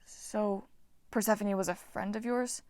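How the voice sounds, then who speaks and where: A woman's voice: mid-range voice, steady tone, unhurried, a little mellow, no room sound, natural voice. A woman voicing a nervous teenage boy demigod who pleads and stammers politely in a storybook reading.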